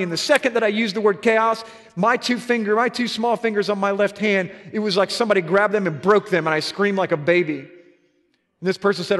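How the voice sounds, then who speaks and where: A man's voice: sits high, steady tone, brisk, fairly bright tone, big-room sound. A man preaching a sermon as pastor, telling an earnest story with emphatic repetitions.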